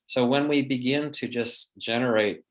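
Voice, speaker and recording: A man's voice: mid-range voice, normal speed. A man leading a training lecture, explaining in a thoughtful way and acting out example phrases, often restarting his sentences.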